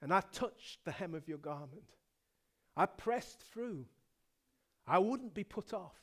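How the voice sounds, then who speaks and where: A middle-aged male pastor from England preaching a sermon, telling the story dramatically and swinging from hushed to loud. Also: sits high, animated, slow.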